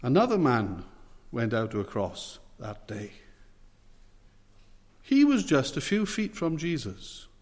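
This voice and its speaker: Male preacher, sermon delivery, measured and emphatic, long hall reverb. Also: medium pitch, huge pitch swings, darkish tone. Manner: measured, emphatic preaching with slow stressed phrases.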